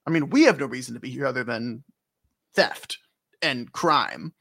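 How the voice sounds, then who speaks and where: Bright, animated young man. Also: mid-range voice, moderate pace, creaky. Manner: rambling, joking, laughs often. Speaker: podcast co-host recapping a game. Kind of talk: casual chat.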